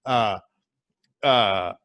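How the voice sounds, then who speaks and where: A man co-hosting a podcast, chatting crudely and swearing constantly as he tells animated stories. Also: lowish voice, very slow. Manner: profane, swears constantly, calls listener "dude"; animated storyteller, acts out quotes. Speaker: podcast co-host. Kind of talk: crude casual chat.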